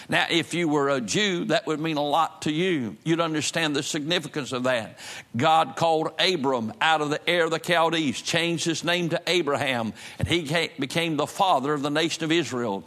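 A man preaching from the pulpit, opening with a prayer before moving into the sermon. His voice sits a little on the high side for a man. He reads scripture slowly and with earnest emphasis. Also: fairly bright tone. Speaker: pastor.

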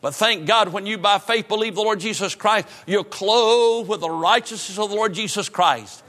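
A man preaching a sermon with fervent repetition, dropping to a hush on solemn lines. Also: high-pitched, moderate pace. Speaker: pastor. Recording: preaching in a reverberant church hall.

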